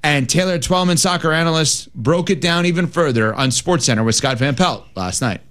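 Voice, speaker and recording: A man hosting a sports talk radio show, briskly reeling off stats. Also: on the high side, fairly bright tone.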